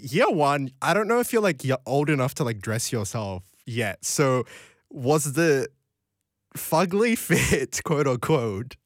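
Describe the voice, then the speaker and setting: Young man, late-night radio host; rambly, giggly, very animated, dry close studio mic. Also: mid-range voice, no echo. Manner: rambling, giggly, jumps into tangents. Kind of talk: casual radio chat reading listener texts. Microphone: studio microphone.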